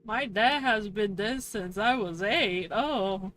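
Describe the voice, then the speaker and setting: A woman's voice: medium pitch, expressive, takes it slowly, fairly bright tone, soft background music. A woman streaming a game and chatting casually with her viewers, swearing freely and laughing often. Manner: profane, laughing, talks to chat. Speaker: VTuber streamer.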